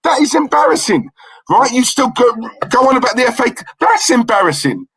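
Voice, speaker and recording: A husky man in a fierce football argument. His voice sits high and swings widely as he repeats himself and swears his way through each point. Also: sing-song, normal speed, a bit bright, low-quality recording. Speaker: watchalong co-host. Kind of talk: heated football fan debate.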